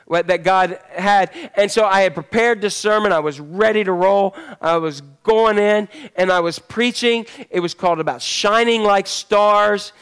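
A man's voice: high voice, moderate pace, few pauses, a bit bright, clean tone. A man preaching a sermon as pastor in a church service, talking in a conversational, joking storytelling manner.

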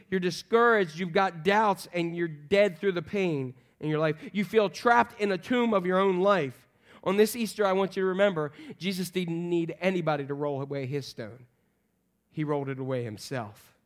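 Man, pastor, high voice, sermon, dramatic swings from loud to soft, church sanctuary. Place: church sanctuary, also streamed online.

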